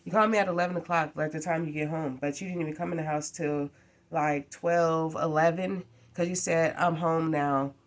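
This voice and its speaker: A woman's voice: low voice, steady tone, brisk. A woman vents to the camera in a casual vlog. She rambles, sounds exasperated and keeps firing off rhetorical questions. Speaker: vlogger.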